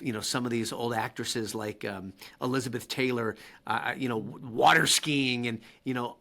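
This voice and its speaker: A man talking as a podcast guest, telling stories in an animated, excitable way with quick restarts. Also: medium pitch. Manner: animated, excitable storyteller with laughs and frequent restarts. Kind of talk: casual interview storytelling.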